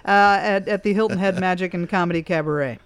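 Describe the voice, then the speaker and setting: A woman's voice: fairly low pitch, fast talker, clear, resonant tone, dry recording. Sex: woman. Role: chatty podcast co-host. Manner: giggly, trails off mid-thought. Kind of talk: casual podcast chat.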